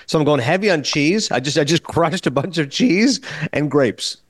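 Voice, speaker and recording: A man hosting a podcast, telling stories in a lively, casual way and acting out conversations. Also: on the high side, fast talker, no echo, studio quality. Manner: animated storyteller, acts out quoted exchanges. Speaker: podcast host.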